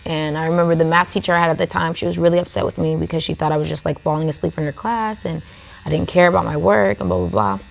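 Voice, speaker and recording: Speaking fast with a low, expressive voice and vocal fry, a woman guests on a podcast recorded at a tattoo studio. She shares a story in a casual, chatty way, leaning on "like" as filler throughout.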